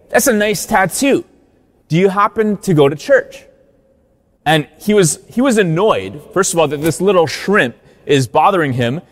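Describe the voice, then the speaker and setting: A man's voice: on the high side, long reverb tail. A man, a Catholic priest, giving a sermon in a conversational storytelling way.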